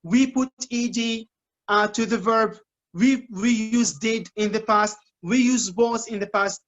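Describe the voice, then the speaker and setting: A man with an Algerian accent giving an informal English lesson, explaining points in a lively way with frequent fillers. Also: high-pitched, a little slow, muffled recording. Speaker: English teacher giving a talk. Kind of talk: informal lecture to students.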